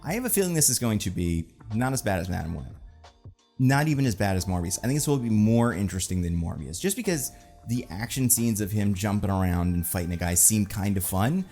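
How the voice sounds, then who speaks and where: A man hosting a casual film commentary show, rambling through his opinions with sarcastic asides and lots of fillers. His voice sits somewhat low, and faint music plays in the background. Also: lively intonation, a little fast, mellow.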